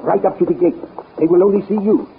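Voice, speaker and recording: A formal, resolute old scientist. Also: male voice, sits high. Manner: formal, deliberate, commanding. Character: resolute older male scientist, calm planner. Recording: hissy tinny old radio broadcast.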